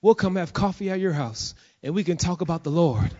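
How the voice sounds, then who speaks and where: A man from Jacksonville preaching a sermon as a pastor, fervent and at times shouting, then dropping low to tell a story. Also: lively intonation, a little fast, muffled recording. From Jacksonville, USA.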